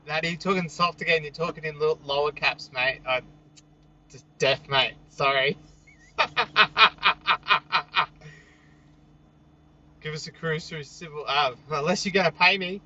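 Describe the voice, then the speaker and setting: A young Australian man runs a casual night-time outdoor livestream, reading viewer comments and joking easily, with frequent chuckles and an easygoing manner. His fairly high voice is pushed and bright at a moderate pace, and the highs are cut off.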